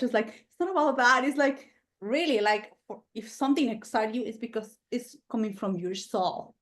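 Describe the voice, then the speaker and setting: A woman's voice: on the high side, moderate pace. Fired-up woman podcast host, swearing freely. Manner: heated, animated, swears freely. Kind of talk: casual interview chat.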